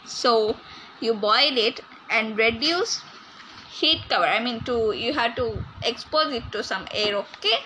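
A woman's voice: a little high, expressive, unhurried, pushed and bright, slight background noise, rough recording. A woman playing a bossy scolding grandma. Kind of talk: amateur comedy cooking skit.

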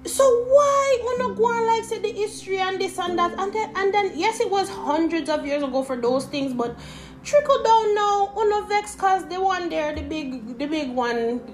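A young woman with a Jamaican accent, hosting a casual opinion podcast and talking in an animated, rambling way that slips into patois. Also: very high-pitched, normal speed, a little hiss or hum. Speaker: podcast host.

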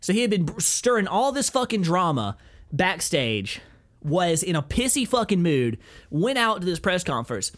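A young man hosting a podcast, telling a story in a profane, rambling, excitable way. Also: high-pitched, normal speed. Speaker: podcast host. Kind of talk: casual chat.

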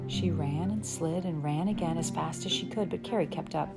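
A woman narrating a children's storybook in a slow, gentle, measured way. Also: deep voice, vocal fry, loud music behind the voice. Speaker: audiobook narrator.

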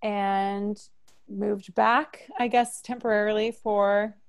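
A woman's voice: mid-range voice, flat delivery, slow pace. A young woman from Florida, a guest on a casual podcast, chatting with lots of "like". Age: young adult. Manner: chatty, uses "like" a lot.

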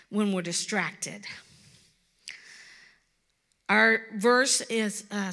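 A woman's voice: medium pitch, fairly bright tone. A woman from Kentucky with a Kentucky accent, preaching an earnest, pleading sermon and repeating words for emphasis.

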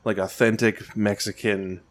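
A man's voice: fairly low pitch, flat delivery, measured pace. A man co-hosting a podcast in loose casual chat, swearing often and breaking into laughter. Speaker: podcast co-host.

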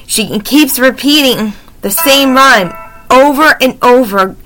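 A woman voicing a frightened village boy with a hushed, fearful manner in a storybook read-aloud. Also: high voice, slow pace, a little hiss or hum.

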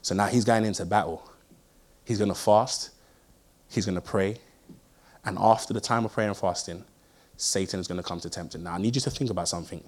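A young man preaching a sermon, telling stories in an animated way and swinging between loud bursts and hushed lines. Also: lowish voice, brisk, long pauses. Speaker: pastor.

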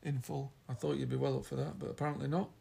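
Gravelly Yorkshire man chatting. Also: medium pitch, flat delivery, fast talker, warm tone. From Yorkshire, England. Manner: chatty, rambling, teasing. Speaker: podcast co-host. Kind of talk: casual chat.

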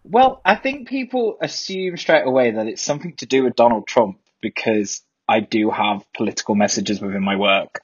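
A man's voice: mid-range voice, moderate pace, few pauses, slightly rough, dull audio. A man from Birmingham with a light Birmingham accent, chatting casually as a guest and laughing often. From Birmingham, England. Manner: laughs often, relaxed and joking. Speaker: drag performer guest. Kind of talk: casual chat.

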